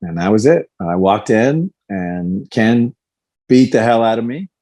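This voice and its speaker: A man's voice: on the low side, expressive, measured pace, warm tone. A man in his fifties, a guest in a podcast interview, telling his story candidly and animatedly, acting out quoted lines. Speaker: guest, former fighter.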